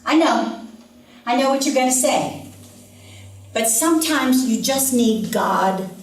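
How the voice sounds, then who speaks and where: A woman's voice: fairly high pitch, slow. A woman voicing a scared little girl who runs to her mother at night, telling a story to a youth rally. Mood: pleading. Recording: very echoey hall, distant mic.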